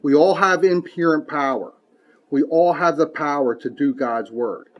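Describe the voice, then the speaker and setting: A man's voice: a little high, normal speed, lo-fi sound. A man preaching a sermon who reads scripture aloud emphatically and mixes in folksy, casual asides.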